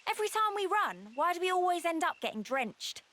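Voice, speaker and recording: A woman's voice: extremely high pitch, very animated, brisk, a bit bright, slight background noise, heavily acted. A woman playing a blunt, feathered young soldier who complains in a brash, exasperated way.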